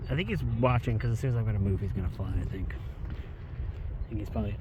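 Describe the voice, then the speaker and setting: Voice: medium pitch, fairly quick, background noise. A book reviewer chatting casually and enthusiastically, with many fillers, while walking outdoors by the water.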